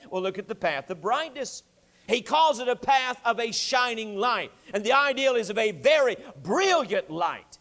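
A man's voice: very high voice, big pitch swings, a little slow, bright, forceful tone. A man preaching an evening church sermon, telling a story and then making his point with emphatic repetition.

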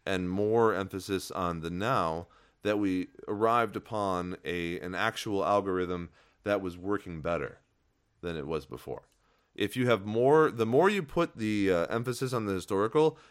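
A man co-hosting a casual fantasy football podcast, confident and argumentative, laughing often. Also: on the low side.

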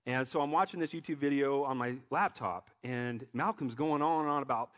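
A man's voice: mid-range voice, brisk, hardly any pauses, fairly bright tone. A man giving a sermon as a pastor, talking in a loose, joking way with many restarts.

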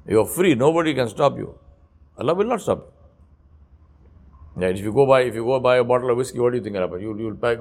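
A man giving an Islamic lecture to young men, emphatic and full of rhetorical questions, swinging from soft asides to loud, pointed repetition. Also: medium pitch, expressive, quick pace, pauses often. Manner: storytelling with repeated phrases.

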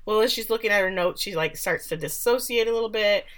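A woman's voice: mid-range voice, quick pace, fairly bright tone. A woman casually recapping a TV episode. She talks loosely, swears freely and briefly mimics characters when quoting them.

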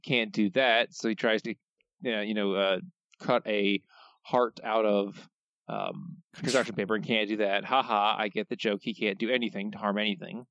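A wry man recaps a plot on a casual podcast, filling the gaps with ums and uhs. His voice sits on the low side, and the dry mic sounds dull and lo-fi. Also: a bit bright, no echo. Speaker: podcast co-host.

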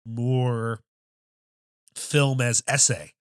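Halting, thoughtful male film-podcast host. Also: medium pitch, steady tone, clear, resonant tone, no room sound, studio quality. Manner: thoughtful, halting, many restarts and fillers, swears casually. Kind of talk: casual film discussion.

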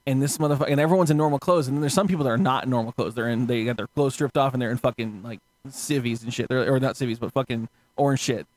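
A man telling a story in a casual podcast chat, animated, swearing a lot and laughing as he goes. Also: mid-range voice, rapid-fire, hardly any pauses, no room sound. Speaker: podcast co-host.

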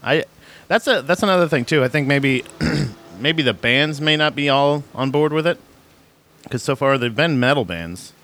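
A male podcast host in loose, casual chat, his voice sitting at an ordinary middle pitch. He rambles from one thought to the next and jokes constantly, often breaking into laughter. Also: expressive, moderate pace, fairly bright tone.

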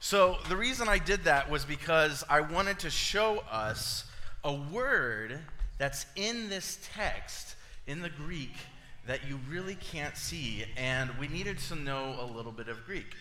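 A man's voice: a little high, animated, slow pace, pushed and bright, a little hiss or hum. A man preaching to a congregation in a playful, jokey teaching manner. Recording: echoey church hall.

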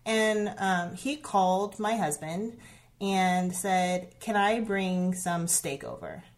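A woman in her thirties speaks in earnest conversation, her voice sitting at a middling pitch. She stumbles and restarts often, peppering her story with "like" and "um". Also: fairly even intonation, takes it slowly. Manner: earnest, heavy use of "like" and "um", many restarts. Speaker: guest sharing a personal story.

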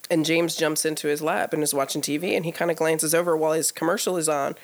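A woman co-hosting a podcast, telling a story in a casual, animated way, full of "like" fillers and acted-out quoted dialogue. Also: low-pitched, fast talker. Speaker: podcast co-host. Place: live podcast taping before an audience.

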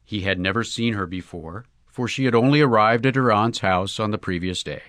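A man reading a short story aloud in measured, wry storytelling. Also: lowish voice, a bit bright, no echo, clean studio sound. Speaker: audiobook reader. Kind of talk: scripted narration.

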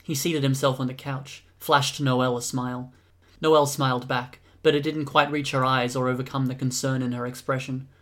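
A man giving steady audiobook narration. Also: medium pitch, normal speed.

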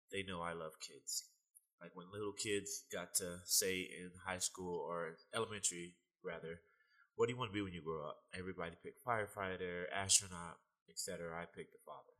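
A young man being interviewed, telling animated stories and laughing often in casual talk. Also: low voice, moderate pace, rough recording. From United States. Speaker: guest, fitness trainer.

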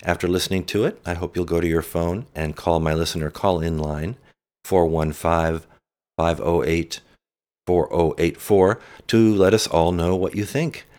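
A man's voice: low voice, steady tone, normal speed, darkish tone. A man hosting his podcast, reading a friendly scripted introduction. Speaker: podcast host.

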